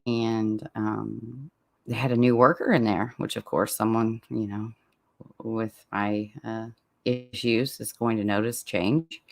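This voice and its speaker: A man's voice: lowish voice, little pitch movement, slow, vocal fry. A man hosting a true crime podcast, chatting loosely in a listener Q&A, often breaking off mid-sentence and laughing at himself. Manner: rambling, self-interrupting, laughs at himself. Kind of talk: casual Q&A chat with listeners.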